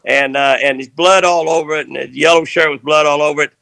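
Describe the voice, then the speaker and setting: An older man, telling a rambling fishing story in a folksy, animated way. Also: a little high, fairly quick, creaky, no room sound. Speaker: fishing guest.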